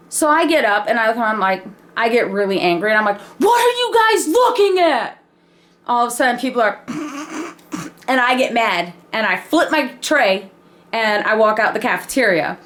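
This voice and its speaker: A woman telling a personal story in a casual, animated way, laughing and swearing freely. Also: a little high, moderate pace. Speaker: vlogger.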